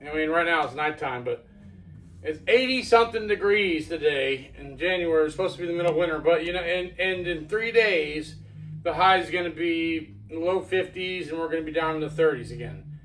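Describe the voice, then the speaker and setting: A man's voice: fairly high pitch, fairly quick, a bit bright, distant mic, faint music behind, poor audio. A man from Florida, casually reviewing a beer outdoors at night in a rambling, folksy way.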